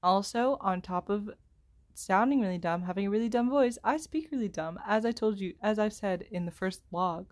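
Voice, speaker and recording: A young woman rambling alone into a headphone microphone, self-deprecating and apologetic, with many filler words and slow pauses while she searches for words. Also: medium pitch, darkish tone. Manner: speaks slowly, pauses to find words. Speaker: solo podcaster. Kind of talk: rambling solo chat.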